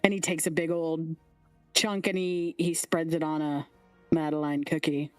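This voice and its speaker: A woman's voice: sits low, little pitch movement, moderate pace, no room sound. Lady game master narrating a tabletop game, playful and giggly, dry close mic, faint music under. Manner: playful, giggly, switches into character voices.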